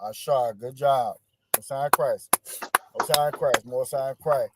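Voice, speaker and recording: A man's voice: mid-range voice, slow pace, very noisy. A man teaching an online class over a video call, encouraging his students and often repeating words.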